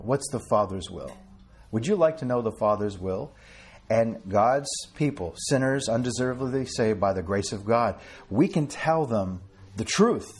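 A man with a medium-pitched, slightly breathy voice preaches an informal sermon to a small group. He talks conversationally, addresses listeners by name, and reads scripture in old-fashioned wording.

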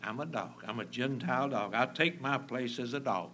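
A man's voice: mid-range voice, normal speed, bright, forceful tone, slight background noise, natural voice. A man voicing a humble ancient woman who pleads and abases herself, within a sermon. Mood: pleading. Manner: pleading, self-abasing.

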